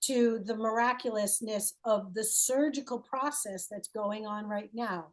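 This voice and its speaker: Woman healing coach, playful and encouraging, unhurried delivery. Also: on the high side. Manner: playful, encouraging, asks leading questions. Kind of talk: coaching call.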